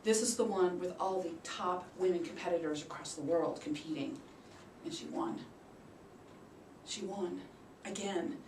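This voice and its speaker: A woman giving a prepared storytelling speech at a public speaking club. She acts out the quoted voices with big leaps in pitch and loudness. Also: fairly even intonation, measured pace, pauses often, a little hiss or hum. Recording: roomy sound from a distant mic.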